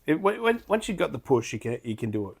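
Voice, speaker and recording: A man's voice: on the high side, very animated, fast talker, gravelly, husky. A man hosting a podcast in casual chat, blunt and swearing freely. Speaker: podcast host.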